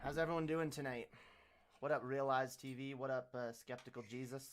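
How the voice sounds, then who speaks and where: In a brisk, level, mid-range voice, a man runs a casual livestream, cracking loose jokes and cursing. He peppers his slangy speech with "yo" as he fiddles with a new desk microphone that has a pop filter.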